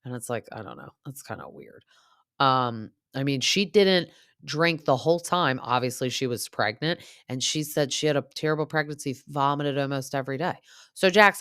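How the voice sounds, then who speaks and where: A woman's voice: sits low, a bit bright, clean tone, no echo, clean studio sound. A young adult woman hosting a podcast, chatting casually and rambling with lots of fillers. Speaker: podcast host. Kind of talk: casual recap chat.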